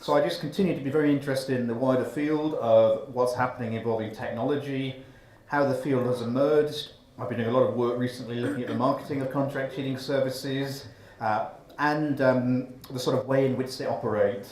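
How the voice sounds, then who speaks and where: A man's voice: medium pitch, fairly even intonation, brisk, a little mellow. A man on a conference panel introducing his work, fluent and lightly joking. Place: big conference room. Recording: echoey conference room.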